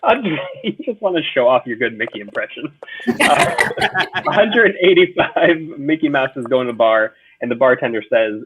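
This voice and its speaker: A man tells improv jokes with playful, laughing energy, his pitch lively and a clear noise running under the recording. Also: normal speed, phone-quality sound. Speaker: improv performer. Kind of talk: live improv comedy.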